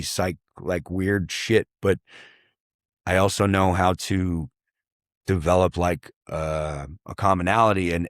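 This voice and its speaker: A man's voice: deep voice, no room sound, clean studio sound. A man in casual podcast talk, reflective and loose, cursing freely and trailing into fillers. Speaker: guest, artist and songwriter.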